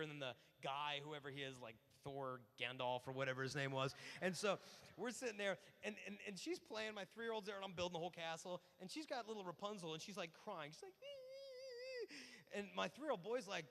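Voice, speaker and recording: A man in his thirties giving an animated talk at a youth conference, telling stories and acting out quick exchanges with lots of fillers. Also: high-pitched, vocal fry. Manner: storytelling with acted-out voices and many fillers. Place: large hall. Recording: hall reverb.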